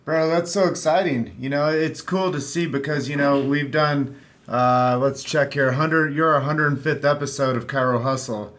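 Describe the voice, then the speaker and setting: A man's voice: a little high, fairly even intonation, normal speed, fairly bright tone. A man hosting a podcast, speaking in a casual, upbeat, friendly way. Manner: upbeat and friendly, says "bro". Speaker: podcast host. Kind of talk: casual chat.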